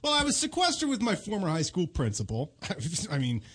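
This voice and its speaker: A man's voice: high-pitched, huge pitch swings, fairly quick, a bit bright, breathy edge. A man co-hosting a comedy podcast, telling a story in casual chat. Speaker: podcast co-host.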